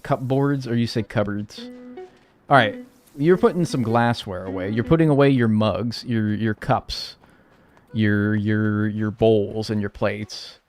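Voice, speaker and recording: A man's voice: on the low side, a little mellow. A man chatting casually with his live-stream audience, playful and mock-outraged, swearing as he jokes.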